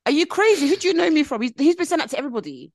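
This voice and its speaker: Animated woman podcaster. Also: high-pitched, no echo, clean studio sound. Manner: lively, expressive, quick reactions. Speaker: podcast co-host. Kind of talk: casual chat.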